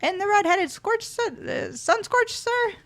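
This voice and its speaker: A woman's voice: very high-pitched, lively intonation, takes it slowly, fairly bright tone, voice pushed up, heavily acted. A woman voicing a big, purple-skinned male villain who taunts and barks orders at his soldiers. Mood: menacing. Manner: taunting, commanding.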